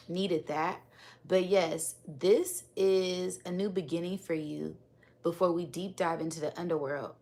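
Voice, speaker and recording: A woman hosting a live-streamed spiritual energy reading and chatting with viewers, talking in a calm, relaxed, unhurried way. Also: fairly low pitch. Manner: calm, relaxed and unhurried, sometimes repeating words. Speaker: spiritual reader and livestream host.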